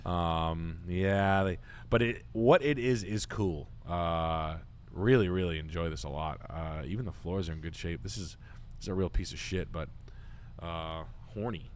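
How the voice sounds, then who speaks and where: A man talks with his co-host in a loose, profane ramble. His voice sits a little low, and he peppers his talk with "um" and blunt opinions. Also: normal speed, slight background noise. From Boston area, United States. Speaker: podcast host. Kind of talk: casual crude chat.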